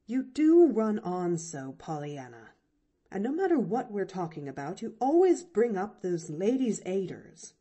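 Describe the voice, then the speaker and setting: A woman reads as a stern, impatient aunt in an audiobook, cold and clipped. Her low, mellow voice moves with lively rises and falls but stays slow and measured. She sounds exasperated and strict.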